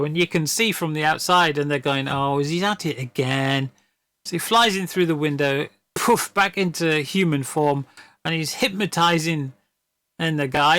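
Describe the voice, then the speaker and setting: A man chatting on a stream, rambling and repeating his words as he laughs his way through a story. His voice is bright and sits a little high. The sound is close and dry. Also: dry recording. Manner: rambling, stammering storyteller who laughs often. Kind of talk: casual chat.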